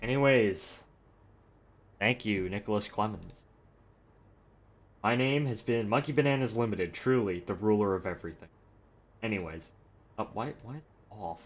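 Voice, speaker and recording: A man's voice: lowish voice, normal speed, long pauses. A man hosting a train game livestream, chatting casually in a rambling, jokey way with fillers. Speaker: livestream host. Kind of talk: casual stream chat.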